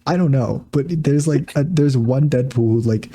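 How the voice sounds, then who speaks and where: A man co-hosting a podcast, casually retelling a movie plot in a halting, rambling way. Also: medium pitch, dark tone. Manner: rambling, halting retelling with fillers and silly voices. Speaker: podcast co-host. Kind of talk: casual chat recapping a movie.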